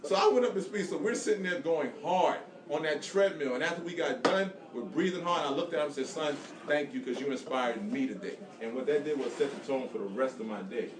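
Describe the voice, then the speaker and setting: A man hosting a podcast, telling a family story in a fast, animated casual chat. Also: fairly high pitch, roomy sound, far from the mic, noisy background. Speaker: podcast host.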